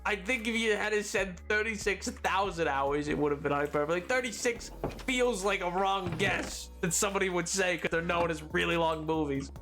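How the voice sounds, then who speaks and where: A man's voice: high voice, moderate pace, sharp tone, soft background music. A man chatting casually on a live gaming stream, bantering playfully with his chat and acting mock-indignant when they tease him.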